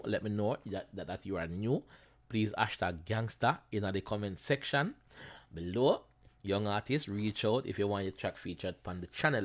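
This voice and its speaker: A man with a Jamaican accent hosting a reaction video, chatting casually in patois-flavored English, animated and often repeating himself. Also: lowish voice. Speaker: reaction channel host.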